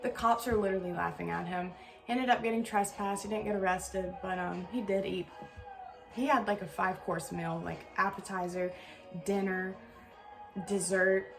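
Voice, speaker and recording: A young woman with a drawl tells stories to her viewers in a loose, chatty way, full of fillers and restarts. Her voice sits at an ordinary pitch for a woman. Faint music plays underneath. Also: moderate pace, gravelly. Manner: chatty, animated storytelling with many fillers. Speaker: vlogger. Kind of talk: casual storytelling Q&A.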